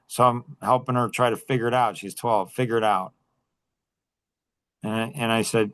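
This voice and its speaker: A man's voice: mid-range voice, fairly even intonation, measured pace, long pauses, fairly bright tone, no echo, low-quality recording. A middle-aged man hosting a talk, telling a story to a group and driving his points home by repeating them. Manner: emphatic, repeats key phrases. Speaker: host.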